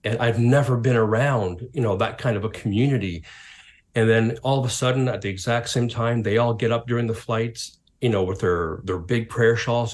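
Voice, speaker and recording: Lively man telling stories. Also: mid-range voice. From Canada. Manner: lively anecdotes, acts out quoted voices. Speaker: pastor and author, guest. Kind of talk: interview storytelling.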